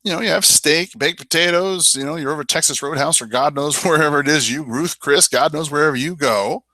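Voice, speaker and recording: A man's voice: fairly high pitch, brisk, pushed and bright, no echo. A man coaching real estate agents in a webinar, emphatic and persuasive. He talks straight to the listener and often says "I mean" and "you know". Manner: addresses listener directly with rhetorical questions. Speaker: real estate sales trainer.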